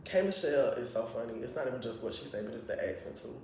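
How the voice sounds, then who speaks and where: A man giving a casual, profane recap of a reality TV episode, laughing often and talking in an animated way. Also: medium pitch, fast, slight background noise. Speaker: reality TV reviewer. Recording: very echoey room, voice from far off.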